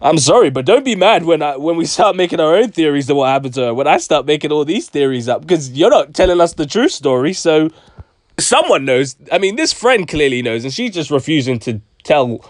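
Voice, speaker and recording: A man's voice: a little high, big pitch swings, a little fast, no echo, clean studio sound. A man giving casual commentary for his vlog, sarcastic and full of slang. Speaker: YouTube commentator.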